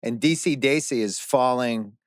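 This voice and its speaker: A man's voice: mid-range voice, normal speed, no room sound, clean studio sound. A middle-aged man hosting a podcast, in a wry, casual chat about an old movie. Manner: wry, steers the talk with questions. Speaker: podcast host.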